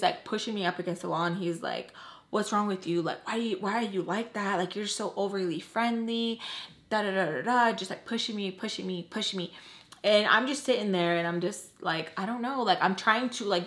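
Young woman, twenties, casual storytime vlogger, chatty and animated, mid-pitched, leans on "like" and acts out each quote.

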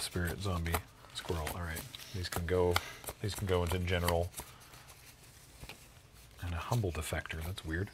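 A man's voice: low voice, a little slow, pauses often, noisy background. A man chatting casually on a card-game stream, wry as he sorts through a collection aloud. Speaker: show regular.

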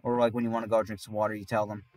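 A man's voice: lowish voice, little pitch movement, very fast, darkish tone. A man telling a long personal story in casual podcast chat, rambling and often laughing mid-sentence. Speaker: podcast host.

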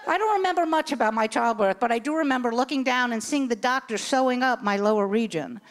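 Speaking fast in a slightly high voice, a woman in her sixties delivers a stand-up comedy set. Her stories are brash and animated, and she acts out the voices of the people in them.

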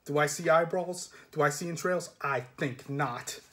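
Storybook raven, male, grumbling and boastful, rough-spoken, read by a man. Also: a little high, normal speed, a bit bright, natural voice. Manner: rough, complaining.

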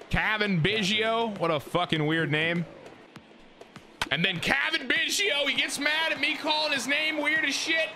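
A man giving live gameplay commentary, excitable and full of profane trash talk. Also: high-pitched. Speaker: gaming YouTuber.

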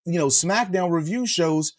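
Animated man with a higher voice. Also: moderate pace. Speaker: wrestling review co-host. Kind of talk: casual podcast chat.

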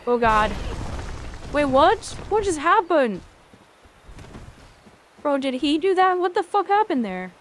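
High-voiced, excitable streamer woman. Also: slow pace, pauses often, slight background noise. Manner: excitable, swears often, talks to chat. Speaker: game streamer. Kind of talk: live gameplay commentary.

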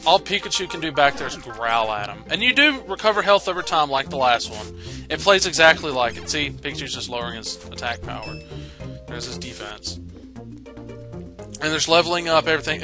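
A man's voice: fairly high pitch, animated, fairly quick, music in the background. A young man casually commentating his gameplay, rambling and swearing offhand. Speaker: let's play host.

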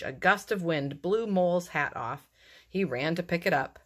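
A woman reading a children's storybook aloud in a lively, expressive way. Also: fairly low pitch, moderate pace. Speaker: narrator.

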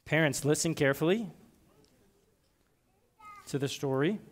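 A man's voice: on the high side, a little slow. A man giving a children's message in church, reading a story and leading the kids in call-and-response. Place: church sanctuary.

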